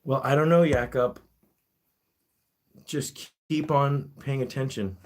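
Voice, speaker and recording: A man's voice: medium pitch, fairly even intonation, slow. A man hosting a casual live-stream chat, reading viewer comments and talking to his guinea pigs. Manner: chatty, reads comments aloud, talks to his pets.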